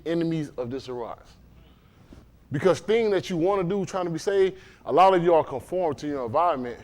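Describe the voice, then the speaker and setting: A man delivers a sermon in a high voice that rises and falls with lively energy. He talks loosely to the congregation, breaking off to ask whether they are following him. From Dade County, Florida. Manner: conversational, animated preaching with frequent questions to the congregation. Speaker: preacher. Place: congregation room.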